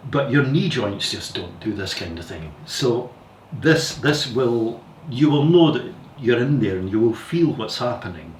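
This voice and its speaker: A man teaching yoga, giving calm, careful step-by-step guidance with repeated warnings to go slowly. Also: medium pitch. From Scotland. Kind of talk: guided yoga instruction. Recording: echoey room, distant mic, faint hiss.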